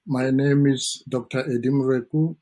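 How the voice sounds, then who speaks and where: A South African man, a dentist guest on a talk show, explaining his subject in an earnest, measured way. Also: medium pitch, steady tone, warm tone, a little hiss or hum.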